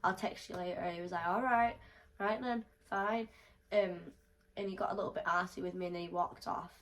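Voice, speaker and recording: A young woman telling a storytime vlog, animated and swearing freely as she acts out the quotes. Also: fairly low pitch, quick pace, low-quality recording.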